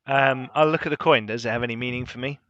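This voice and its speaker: A man's voice: mid-range voice, fast, fairly bright tone, no room sound. A man playing a tabletop role-playing game, chatting in an eager, playful way on slightly muffled audio. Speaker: player.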